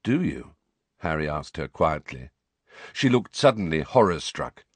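Man narrating an audiobook with lively intonation. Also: extremely low pitch, moderate pace, no echo. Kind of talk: expressive scripted narration.

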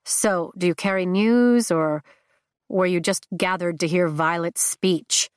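A woman voicing a sarcastic, sharp-eyed young male noble rider in a storybook reading, teasing and wry. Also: on the low side, unhurried, clean tone, dry recording, clean studio sound, close to an everyday voice.

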